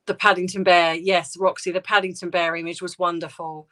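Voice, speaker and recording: A British woman hosting a casual livestream, talking softly and hesitantly with many ums and restarts as she answers viewer comments. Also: on the low side, little pitch movement, fairly quick. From United Kingdom. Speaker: livestream host.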